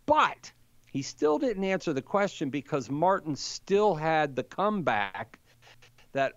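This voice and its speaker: A man in his fifties, a podcast guest, telling a story in an animated way and chuckling as he goes. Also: fairly high pitch, a little slow, clean tone, no echo. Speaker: guest apologist. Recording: dull, dry sound.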